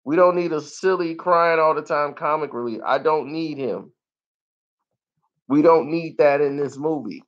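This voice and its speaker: Man reviewer, unhurried, lively and laughing, slightly muffled lo-fi sound. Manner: animated, laughs often, acts out scenes in high squeals. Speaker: movie reviewer. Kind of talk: casual movie review.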